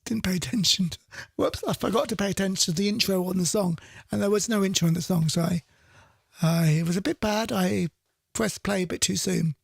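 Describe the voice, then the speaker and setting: A man's voice: sits high, fairly quick, vocal fry, husky, no room sound. A man hosting a radio music show, chatting casually, thinking aloud and correcting himself as he goes, at a studio microphone. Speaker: radio DJ host.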